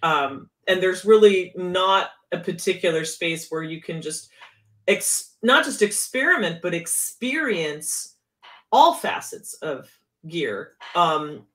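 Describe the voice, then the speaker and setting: Animated woman keytarist chatting. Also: on the low side, slow pace. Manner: animated, swooping emphasis. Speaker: keytar player guest. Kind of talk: casual chat.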